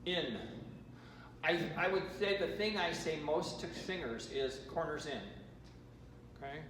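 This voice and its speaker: An American man leading a choir rehearsal warm-up, giving chatty instructions with joking asides. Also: a little high, measured pace. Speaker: choir vocal coach. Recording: roomy hall, from far off, noisy.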